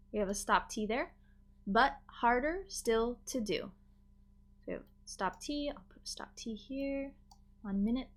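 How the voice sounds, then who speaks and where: A woman with an American accent teaching English pronunciation, drawing out sounds slowly and carefully to demonstrate them. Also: on the high side, a bit bright. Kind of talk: pronunciation lesson.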